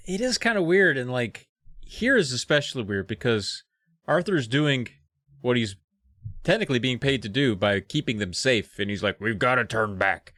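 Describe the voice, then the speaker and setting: A man's voice: medium pitch, big pitch swings, normal speed, a bit bright, dry recording, studio quality. A man co-hosting a podcast, animatedly retelling a story and acting out its characters. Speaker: podcast co-host. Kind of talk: casual chat retelling a book.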